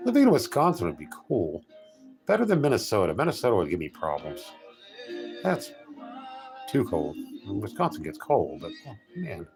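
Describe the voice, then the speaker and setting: Low-voiced rambling man, lively pitch. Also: moderate pace, pauses often, over music. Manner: joking, storytelling, with frequent restarts and self-corrections. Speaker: live streamer chatting with viewers. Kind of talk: casual rambling chat.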